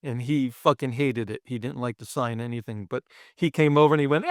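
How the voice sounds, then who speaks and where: A man's voice: medium pitch, brisk, few pauses, no room sound, studio quality. A man from Brooklyn telling a set story as a podcast guest, swearing freely and acting out the other people in it. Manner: profane, animated, acts out other people. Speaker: special effects artist guest. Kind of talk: casual storytelling.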